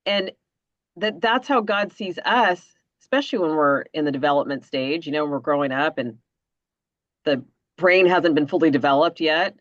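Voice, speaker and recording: A woman's voice: low voice, lively intonation, moderate pace, dry recording. A woman hosting a podcast, close to tears, her voice dry and dull like a lo-fi recording. She talks earnestly and circles around with "you know" and "like" as she sorts out her feelings. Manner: earnest, rambling with fillers. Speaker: podcast host, mother. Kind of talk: casual conversation. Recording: dull lo-fi sound.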